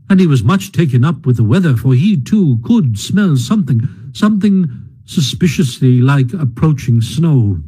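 A man reading a storybook aloud in a slow, measured, expressive way. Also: a little high, breathy edge, poor audio. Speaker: narrator. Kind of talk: storybook narration.

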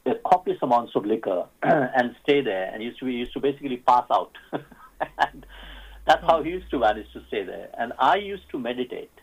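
A man, a radio guest who tells stories haltingly, with many fillers and restarts. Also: medium pitch, animated, husky. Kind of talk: radio interview storytelling. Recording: phone-like narrow sound.

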